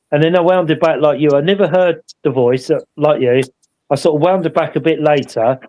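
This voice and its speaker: On a live show he co-hosts, a paranormal investigator tells his investigation story a little fast, rambling and casual, regularly adding tag questions to pull in agreement. His voice is on the high side and darkish in tone, and the audio is poor.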